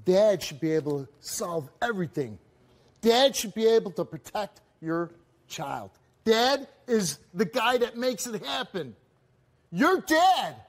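Intense high-voiced man hosting a talk show. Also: expressive, unhurried. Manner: intense, forceful, repeats phrases for emphasis. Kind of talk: confrontational talk show lecture. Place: television studio stage.

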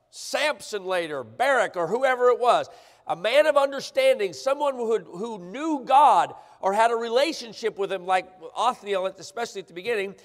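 A man preaching a sermon, emphatic and often checking in with the congregation. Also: sits high. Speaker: pastor. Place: church sanctuary. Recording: church livestream with long hall reverb.

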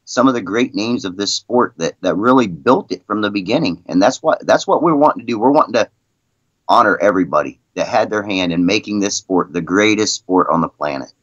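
Deep-ish guy rambling thru stories on a podcast, kinda dull muffled sound. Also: expressive, fairly quick, a bit bright, no room sound. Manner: rambling, frequent "you know" and "I mean". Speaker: guest, league president. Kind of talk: casual storytelling in a podcast interview.

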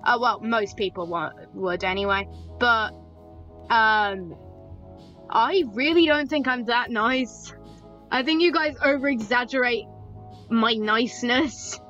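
A woman's voice: a little high, slow, pushed and bright. A young woman chatting casually while playing a horror game with a friend, playful and giggly. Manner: giggly, playful, often laughing. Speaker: gamer. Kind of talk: casual gameplay chat. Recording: dull lo-fi game voice chat with music.

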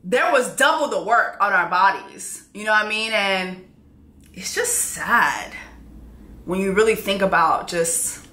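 A woman giving a casual, candid TV episode recap with frank, profane, animated storytelling. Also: mid-range voice, a little slow, reverberant. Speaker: TV recap vlogger.

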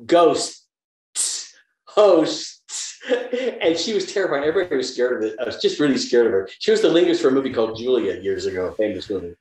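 A seventies-aged actor from the American South, appearing as a guest on a video call, tells casual stories very fast with hardly any pauses, acting out everyone he quotes. His mid-range voice echoes in a roomy room.

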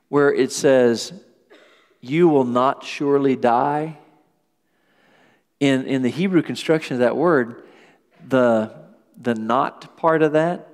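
A man preaching a sermon as pastor, lively and acting out quoted voices. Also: mid-range voice, big-room sound. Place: church sanctuary.

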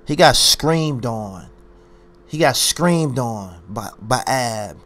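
A man's voice: mid-range voice, expressive, takes it slowly, a bit bright. A man ranting on his own commentary channel, boastful and confrontational, hammering his points by repeating phrases. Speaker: YouTube commentary host.

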